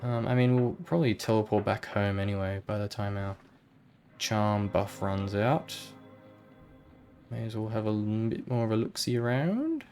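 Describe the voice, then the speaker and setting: A man's voice: fairly low pitch, moderate pace, a little mellow, soft background music. A man playing a video game and thinking aloud in a rambling, casual way. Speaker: gamer. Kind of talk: let's play commentary.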